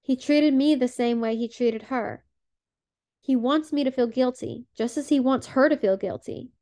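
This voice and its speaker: A stern old aunt lays down the law in firm, commanding words, read by a woman narrator. Her voice is slightly high and gravelly. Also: normal speed, dark tone.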